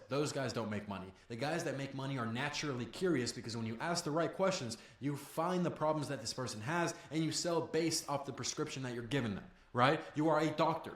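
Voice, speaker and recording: A young man giving blunt, profane, fast-talking sales training, breaking into loud rants now and then. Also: mid-range voice, lively intonation, echoey room. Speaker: sales coach.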